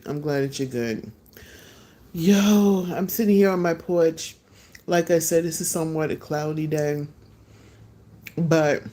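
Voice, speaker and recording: A middle-aged woman chatting casually and live with her viewers from her porch, relaxed and quick to laugh, eating as she talks. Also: low voice.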